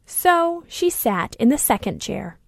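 A woman reading a children's story aloud, slowly and deliberately. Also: a little high, big pitch swings, gravelly, dry recording, studio quality.

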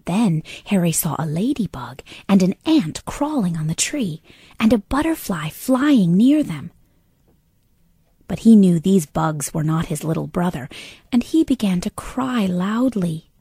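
Woman reading a kids bedtime story, slow and breathy, lots of whispering, dry close sound. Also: lowish voice, big pitch swings, warm tone, dry recording. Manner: slow, often half-whispered narration.

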